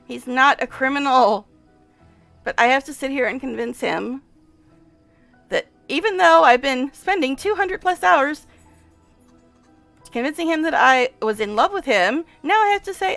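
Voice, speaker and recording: A woman's voice: high voice, animated, unhurried, gravelly, long pauses, a bit bright, no echo, faint music behind. A woman giving casual let's-play commentary and reading game text aloud, distressed and exasperated, sighing and repeating herself. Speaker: game streamer.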